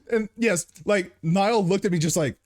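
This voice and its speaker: A man with an American accent, co-hosting a podcast in casual chat, telling a story with lots of laughter. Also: high-pitched. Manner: laughs often, animated storytelling. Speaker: podcast co-host.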